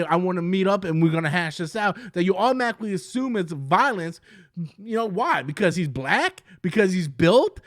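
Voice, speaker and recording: A man's voice: sits high, no room sound, clean studio sound. A man giving casual, heated commentary in a rambling style, often stumbling over his words as he restarts sentences. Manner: rambling and heated, with many restarts and quoted impressions. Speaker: commentary YouTuber.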